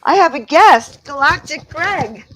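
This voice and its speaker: Excitable, slightly high woman on a headset. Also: a little slow, slight background noise, low-quality recording. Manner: scattered and excitable. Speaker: conference speaker. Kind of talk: casual online conference chat. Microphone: headset on a video call.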